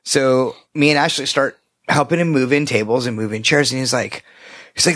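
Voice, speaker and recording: A man's voice: medium pitch, fairly quick, fairly bright tone. A man co-hosting a podcast, telling a story loosely with plenty of swearing. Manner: loose and profane, quotes himself in raised voice. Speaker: podcast co-host. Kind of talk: casual chat, telling a story.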